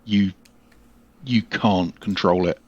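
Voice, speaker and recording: A man's voice: deep voice, takes it slowly, darkish tone, dull audio. A man playing a weary, haunted male spellcaster who talks in a terse, brooding, fatalistic way.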